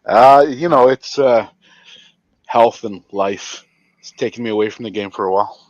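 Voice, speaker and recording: A man's voice: on the low side, normal speed, no room sound, muffled recording. A man joining an online chat as a guest, easygoing and rambling.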